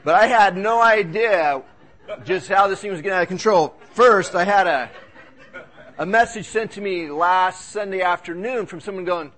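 A man's voice: sits high, normal speed, fairly bright tone. A man preaching a sermon as pastor in a church service, talking in a conversational, joking, storytelling way.

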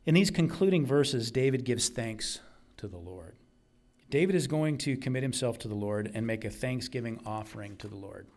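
A man's voice: mid-range voice, lively intonation, moderate pace, darkish tone. A man preaching a sermon, earnest and emphatic, repeating key phrases for weight.

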